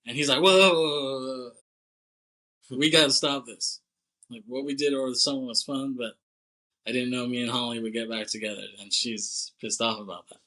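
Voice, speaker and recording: A man's voice: medium pitch, little pitch movement, brisk, sharp tone, low-quality recording. A young man co-hosting a podcast, casually recapping a movie plot with loose, profane talk and acted-out lines. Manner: loose and profane, acts out characters' lines with laughs. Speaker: podcast co-host.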